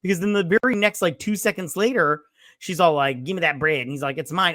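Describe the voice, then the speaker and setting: A man co-hosting a movie review podcast, retelling scenes in an animated way, jumping into character voices and swearing freely. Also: a little high, brisk, no echo, studio quality. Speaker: podcast co-host. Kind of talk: casual movie review chat.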